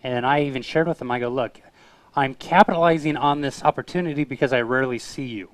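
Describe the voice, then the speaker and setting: A man talking fast in a relaxed chat, animated and storytelling. He slips into the voices of the people he describes. The sound is close and dry, with no room around it. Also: mid-range voice, dry recording. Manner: animated storyteller who acts out voices in his stories. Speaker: co-host of a street evangelism web show. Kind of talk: casual chat, telling anecdotes.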